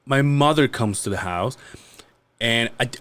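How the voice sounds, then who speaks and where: A man's voice: mid-range voice, a little slow, smooth. A man from Mexico telling a rowdy story in casual chat, swearing freely and acting out other people's lines. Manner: profane, animated, acts out quoted lines.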